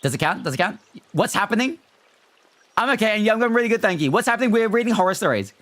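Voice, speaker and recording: A man's voice: sits high, very animated, fast, fairly bright tone. A man streaming live, chatting casually and animatedly with his viewers and reading their messages aloud. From not American. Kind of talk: casual livestream chat with viewers.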